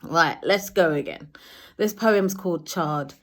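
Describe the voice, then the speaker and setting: Earnest woman, low voice. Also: measured pace. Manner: earnest, openly emotional, self-correcting. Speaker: poet. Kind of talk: personal talk to camera.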